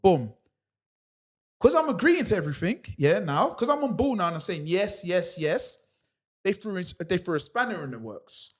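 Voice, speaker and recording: A man with a British accent, co-hosting a podcast and telling a personal story in casual chat, animated and full of street slang. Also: high voice, moderate pace. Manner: animated, acting out other people's lines; street slang, filler sounds like "rah, rah". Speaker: podcast co-host.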